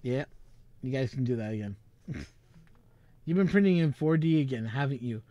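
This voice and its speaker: A man's voice: medium pitch, expressive, moderate pace, dry recording, highs cut off. A man hosting a vlog in casual chat, rambling, chuckling and thinking aloud. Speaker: vlog host.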